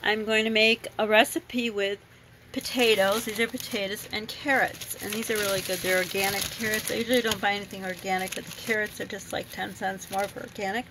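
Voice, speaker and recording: A woman who grew up abroad goes through her fruit and vegetable haul in a home kitchen at a fairly quick clip, chatty and rambling with frequent ums and self-corrections. Her mid-range voice has fairly even intonation, and there's background noise.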